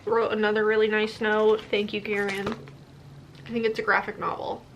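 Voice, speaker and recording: A young adult woman chatting casually as a book vlogger, answering questions and unboxing books, gushing with quick asides. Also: mid-range voice, level tone, slight background noise.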